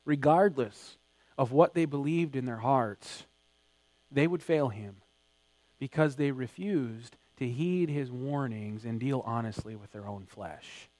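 A man preaching a sermon, emphatic, building to loud acted quotes. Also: medium pitch, a little slow, dry recording. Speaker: pastor.

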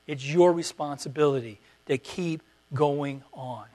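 A man preaching a sermon as pastor, repeating short exhortations and swinging between quiet, drawn-out words and loud, emphatic calls. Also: a little high.

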